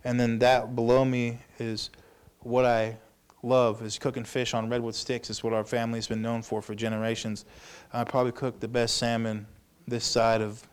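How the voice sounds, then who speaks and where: A young man moderating a symposium panel, telling a story in a casual, animated way and laughing often. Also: medium pitch. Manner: laughing, animated, self-deprecating.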